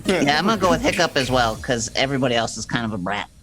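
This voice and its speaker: A woman's voice: very deep voice, lively intonation, fast talker, over music. A woman in a casual group chat, blunt and joking, swearing freely.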